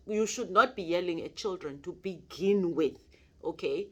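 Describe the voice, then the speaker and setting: Low-voiced woman giving a mentorship talk. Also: moderate pace. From South Africa. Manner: earnest, repeats key points for emphasis, frequent restarts. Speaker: mentor and life coach.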